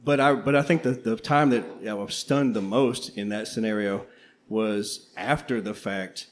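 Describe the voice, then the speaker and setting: A man's voice: lowish voice, measured pace. An older man co-hosting a casual panel chat, rambling and reflective. He laughs easily as he talks. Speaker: co-host, history teacher. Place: coffeehouse before a live audience.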